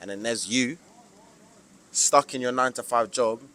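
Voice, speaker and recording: A man's voice: medium pitch, normal speed, bright, forceful tone, a little hiss or hum. A young man from the UK with a British accent, giving an emphatic, preachy motivational monologue to camera with lots of slang. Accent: British English. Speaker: vlogger.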